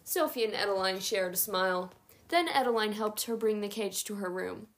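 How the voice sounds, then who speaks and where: A woman narrating a chapter book aloud in a steady, even read-aloud manner. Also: mid-range voice, moderate pace. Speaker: audiobook narrator.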